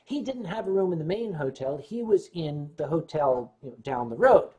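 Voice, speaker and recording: A man hosting a livestream, telling a long anecdote in a lively way and clearing his throat often between beats. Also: on the high side, normal speed. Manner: animated retelling with shifting loudness. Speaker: livestream host. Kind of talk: anecdotal storytelling.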